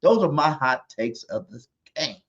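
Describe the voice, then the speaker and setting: A man co-hosting a sports podcast in a loud, animated voice, repeating his hot takes with hype. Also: on the high side, a little slow, dull audio. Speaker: podcast co-host. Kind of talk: hyped sports podcast chat.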